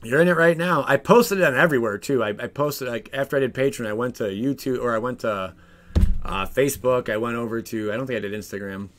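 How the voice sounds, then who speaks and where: A man streaming a card game live, chatting with viewers in an excitable, jokey way. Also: mid-range voice, fast, a little hiss or hum. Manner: excitable, jokey, talks to chat. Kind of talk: casual live stream commentary.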